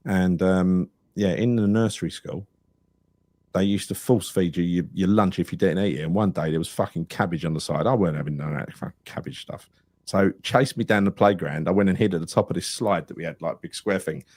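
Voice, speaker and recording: A man's voice: low voice, fairly quick, darkish tone, no room sound. A man, co-hosting a live football podcast, telling stories with lots of swearing and laughter. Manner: swearing, storytelling, laughs a lot. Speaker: podcast co-host.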